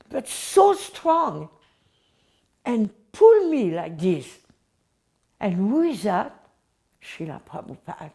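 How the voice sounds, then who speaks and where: Slow older woman. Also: a little high, mellow. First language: French. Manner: slow, emotional storytelling in simple English. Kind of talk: personal reminiscence.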